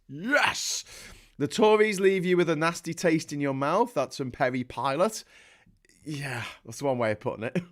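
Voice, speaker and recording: Scouse guy hosting a politics stream, sarcastic, rambly, keeps restarting his sentences. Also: medium pitch. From Liverpool, England. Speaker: political livestream host. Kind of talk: casual political commentary reading viewer comments.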